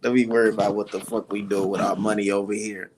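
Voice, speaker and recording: A man's voice: lowish voice, flat delivery, fast, noisy background. A man giving loose, profane reaction commentary, often breaking into laughter and mockery. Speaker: online commentator.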